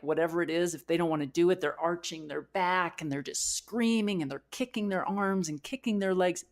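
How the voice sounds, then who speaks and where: Low-voiced woman sharing a raw story. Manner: candid, emotional retelling with frequent fillers and restarts. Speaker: podcast co-host. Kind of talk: personal storytelling.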